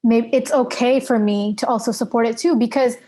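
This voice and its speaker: A woman speaking as a guest on a podcast, with a voice somewhat higher than most women's. She explains her nonprofit work earnestly and casually, with small fillers as she goes. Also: fairly even intonation, brisk, warm tone. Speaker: interview guest, nonprofit advocate. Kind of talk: casual interview chat.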